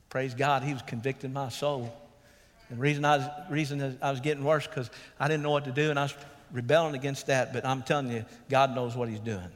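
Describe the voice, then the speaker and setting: A pastor with a slightly high, bright voice preaches an earnest sermon in a church sanctuary. He calls out "Amen?" to the congregation, and his words carry a long church reverb.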